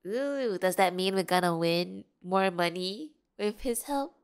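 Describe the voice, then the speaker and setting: A woman's voice: medium pitch, lively intonation, unhurried, clean tone. Playful young woman streamer. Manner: playful, giggly, reads game dialogue aloud. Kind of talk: casual gameplay commentary.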